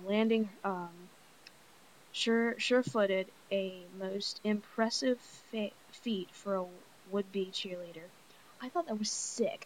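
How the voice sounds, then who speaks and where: A young woman reads a novel aloud, stopping often to restart words and gush about the scenes. Her voice sits at a middling pitch, and a faint hiss runs under it. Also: rough recording. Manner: stumbling, enthusiastic, frequent restarts and laughs. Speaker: reader. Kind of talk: reading a novel aloud with commentary.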